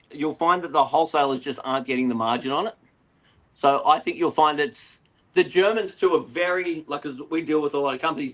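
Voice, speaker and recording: Middle-aged Australian guest, casual rambling talker, light higher voice. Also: male voice. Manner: rambling, animated storyteller. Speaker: aquarium retailer, guest. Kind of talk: casual interview chat.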